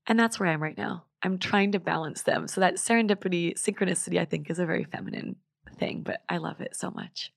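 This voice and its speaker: A young woman talks as an interview guest in a low, even voice. She is earnest and open, and at times her words sink into a breathy near-whisper. The sound is dry and close to the mic. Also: fast, no echo. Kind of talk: reflective conversational interview.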